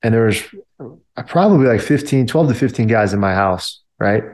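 A man's voice: fairly low pitch, animated, moderate pace, a little mellow. A man and army veteran telling a story casually, filling his talk with "like" and "you know". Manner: loose, filler-heavy talk with many "like" and "you know".

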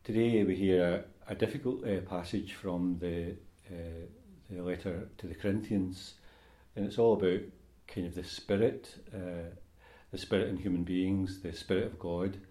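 Priest, male, low mellow voice, measured liturgical reading and homily, roomy church. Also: fairly even intonation. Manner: measured, unhurried delivery with fillers in homily.

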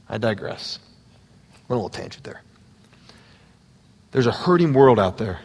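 A man preaching a sermon, moving between quiet, intimate asides and loud, fervent exhortation. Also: mid-range voice, lively intonation, moderate pace, in a large hall. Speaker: pastor. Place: church sanctuary.

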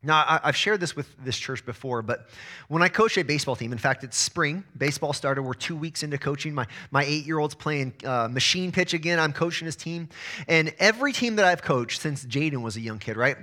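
Male pastor, thirties, forceful bright tone, slightly higher voice, lively preaching. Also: a little fast. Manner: energetic preaching, repeats words when starting phrases. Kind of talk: sermon.

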